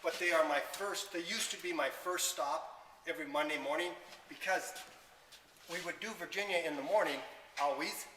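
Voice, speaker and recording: A man's voice: on the high side, sharp tone, a little hiss or hum. A man who drives a library delivery van, explaining how he loads his bins and dropping dry sarcastic asides. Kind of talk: explaining his work on camera. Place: inside a delivery van or loading area. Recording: echoey, roomy, from far off.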